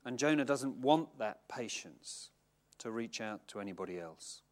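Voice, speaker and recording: A middle-aged man preaching a sermon in a conversational, self-mocking, animated way. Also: medium pitch, unhurried. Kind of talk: sermon with Bible reading.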